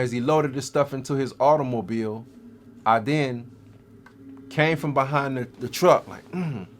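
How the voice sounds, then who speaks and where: A man's voice: mid-range voice, slight background noise. Man telling a street story in slang. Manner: streetwise slang, vivid dramatic retelling. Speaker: guest storyteller. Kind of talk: first-person life story.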